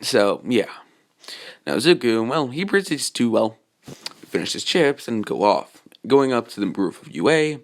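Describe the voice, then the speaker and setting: A man's voice: medium pitch, sing-song, unhurried. Rambling man telling a fan story. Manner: rambling, full of fillers and asides. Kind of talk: improvised fan-fiction narration.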